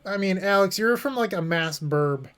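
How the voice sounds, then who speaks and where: A man's voice: high-pitched, expressive, moderate pace, fairly bright tone, clear, resonant tone. Chatty man narrating his card game. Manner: chatty, thinking aloud, joking with chat. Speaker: streamer playing a card game. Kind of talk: casual commentary while playing.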